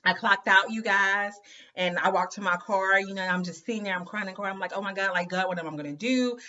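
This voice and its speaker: A woman's voice: medium pitch, fast talker, bright, forceful tone, lo-fi sound. A woman telling her story to viewers in a chatty, emphatic way, often calling them "you guys" and "girl". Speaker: host of an inspirational women's channel.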